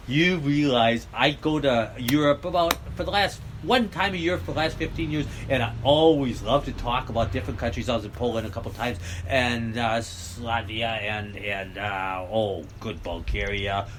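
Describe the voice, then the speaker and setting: A man's voice: mid-range voice, a bit bright, a little hiss or hum. Rambling older man talking outdoors. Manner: blunt, joking, rambling, laughs often. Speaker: vlogger. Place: outdoors near a road.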